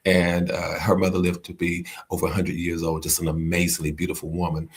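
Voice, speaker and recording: Very low gravelly man hosting a livestream. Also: completely flat delivery, fairly quick. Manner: warm greetings to viewers, many restarts, preachy repetition. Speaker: host of a live-streamed talk show. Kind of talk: casual inspirational livestream talk. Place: indoors at a friend's home while traveling.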